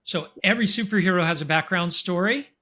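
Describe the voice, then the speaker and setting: A man's voice: high-pitched, quick pace, bright, forceful tone. A man hosting a podcast in a talkative, playful, upbeat way. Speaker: podcast host.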